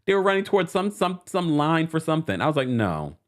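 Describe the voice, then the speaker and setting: A man's voice: on the high side, fast talker. A man hosting a casual reality TV recap stream, chatting and laughing and reading out viewer comments. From New York City. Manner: animated and chatty, laughing often. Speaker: host of a reality TV recap show.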